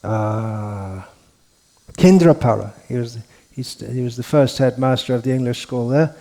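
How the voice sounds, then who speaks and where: A man delivering a religious lecture in a mellow, warm-toned voice. He talks unhurriedly and rambles, often restarting his sentences and pausing on fillers. His pitch sits in an ordinary middle range for a man. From India. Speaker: monk lecturer. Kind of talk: scriptural lecture.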